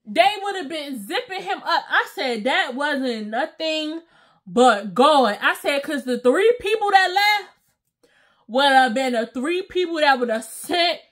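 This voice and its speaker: Woman, young adult, high-pitched, very animated, storytime vlogger, slangy, acts out quotes. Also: unhurried. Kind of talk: casual storytelling.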